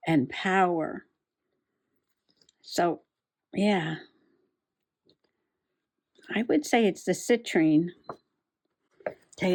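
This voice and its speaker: A woman's voice: mid-range voice, a little mellow. A middle-aged woman chatting casually to herself while journaling and crafting, giggling often as she goes. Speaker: journaling vlogger.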